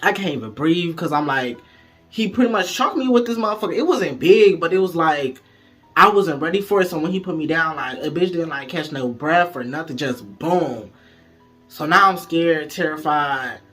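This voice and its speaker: A man telling a story to viewers in a casual, profane, animated way, speaking straight to the audience. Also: a little high, normal speed, soft background music.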